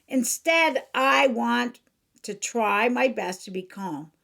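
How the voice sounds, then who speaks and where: A woman's voice: on the high side, slow pace, vocal fry, fairly bright tone. A woman who hosts a podcast as a life coach, talking earnestly in a solo instructive monologue and acting out examples.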